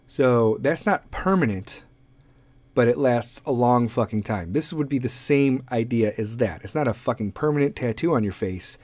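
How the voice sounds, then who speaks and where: A man's voice: medium pitch, darkish tone, no echo. A man hosting a podcast, delivering a profane, rambling comedic rant. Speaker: podcast host.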